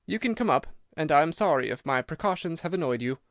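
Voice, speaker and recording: Nervous heavyset man, reedy and quivering, pitched up high , voiced by a male audiobook reader; dry close recording. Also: expressive, a little fast, no room sound. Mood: relieved. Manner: nervous, pleading. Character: nervous fat older man, frightened and evasive. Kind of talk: audiobook character reading.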